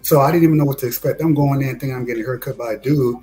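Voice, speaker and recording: A man's voice: very fast, soft background music, poor audio. A man from Detroit, animatedly telling a story in casual chat. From Detroit, USA. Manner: animated, acts out quotes with rising pitch. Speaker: discussion guest.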